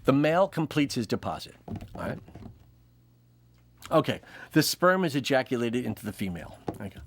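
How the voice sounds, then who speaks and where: A man's voice: medium pitch, sing-song, normal speed, pauses often, slight background noise. A man hosting a comedy show, delivering a jokey stand-up monologue and laughing often.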